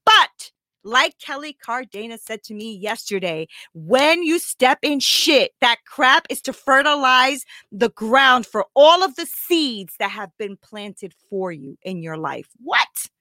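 A woman's voice: a little high, animated, unhurried, pushed and bright, no room sound. A woman life coach talking openly and emotionally to her viewers, close to tears, often asking "right?". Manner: raw, confessional, keeps asking "right?". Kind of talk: emotional live talk to viewers.

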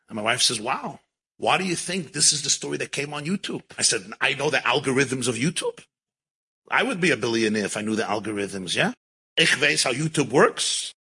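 Animated man telling a story, bright voice. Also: mid-range voice, husky, poor audio. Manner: animated, mixes Yiddish and Hebrew words into English. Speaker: rabbi and storyteller. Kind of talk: storytelling talk.

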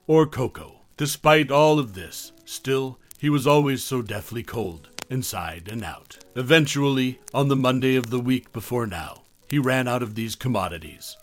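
A man's voice: mid-range voice, animated, normal speed, hardly any pauses, faint music behind. Man narrating a horror story.

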